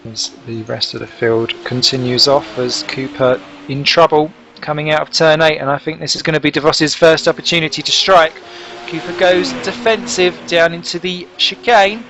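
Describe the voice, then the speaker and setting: A man giving lively, jokey play-by-play commentary on a sim race broadcast. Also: fairly high pitch, normal speed, muffled recording, slight background noise. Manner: excitable, jokey, chatty play-by-play. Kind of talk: live sim racing commentary.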